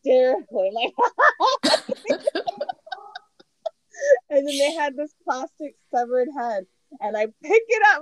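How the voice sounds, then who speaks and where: Lively laughing woman podcast co-host. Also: high-pitched, takes it slowly, pauses often, no room sound, low-quality recording. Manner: animated storytelling, laughs often, acts out her kids' voices. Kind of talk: casual chat.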